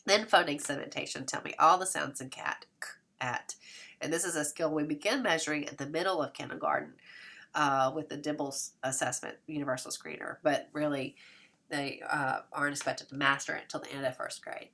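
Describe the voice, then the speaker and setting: A woman with a congested voice delivers a recorded lecture on teaching children. Her voice sits low, and she works through each step patiently, with fillers and quick self-corrections. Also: steady tone, a bit bright. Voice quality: occasional throat clearing. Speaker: instructor.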